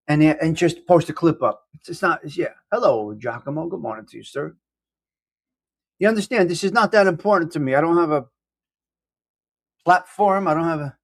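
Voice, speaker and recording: A man's voice: on the high side, lively intonation, normal speed, long pauses. A man hosting a casual live-stream coffee chat, rambling and self-deprecating as he greets viewers by name. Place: indoors at home.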